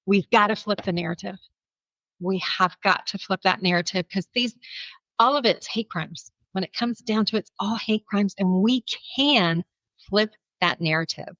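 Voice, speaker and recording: A woman with a bright, forceful voice tells a personal story as a podcast guest, acting out the lines of people in it and laughing often. Her recording is dry, with little room sound, and a little muffled. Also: medium pitch, normal speed, no echo. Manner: animated, laughs often, acts out quotes. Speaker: podcast guest, kindness speaker.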